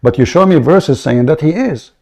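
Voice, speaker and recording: A man's voice: fairly high pitch, expressive, normal speed, gravelly, a little mellow. A man whose first language is Arabic, hosting a heated live debate in a mocking, insistent way, often repeating words. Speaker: debate host.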